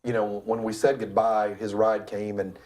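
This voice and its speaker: A middle-aged man from Tennessee, a guest telling stories in a casual interview, lively and full of stammered restarts. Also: fairly low pitch, normal speed. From Cleveland, Tennessee. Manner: animated storyteller who acts out other people's voices, with frequent stammered restarts. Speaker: guest, real estate developer. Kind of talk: casual storytelling in a talk show interview.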